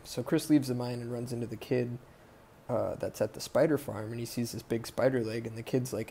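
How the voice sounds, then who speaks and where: A man's voice: medium pitch, creaky, mellow, a little hiss or hum. A man hosting a podcast, casually recapping a movie plot in a rambling, profane way full of fillers. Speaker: podcast host.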